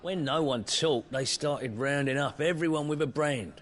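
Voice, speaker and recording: An actor playing a worried villager in a video game, telling what happened in a tense, plain way. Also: male voice, on the high side, moderate pace, a bit bright.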